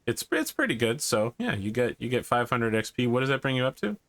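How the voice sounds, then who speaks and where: Bright-voiced male game master. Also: mid-range voice, sing-song, fairly quick. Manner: loose, rambling description with fillers. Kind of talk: narrating a tabletop game.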